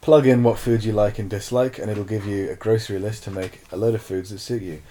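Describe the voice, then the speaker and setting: A man co-hosting a casual comedy chat, pitching silly app ideas in a deadpan way and laughing often. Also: brisk. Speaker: podcast co-host.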